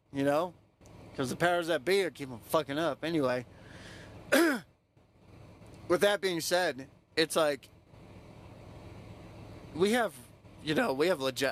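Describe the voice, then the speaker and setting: A man's voice: a little high, a bit bright, slight background noise. A young man, a podcast host, telling a personal story casually, loose and profane, with lots of "you know" fillers.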